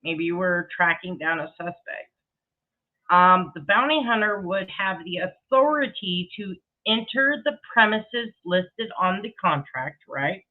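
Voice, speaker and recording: A woman's voice: fairly low pitch, lively intonation, unhurried. A woman giving blunt, skeptical reaction commentary. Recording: tinny phone-like audio.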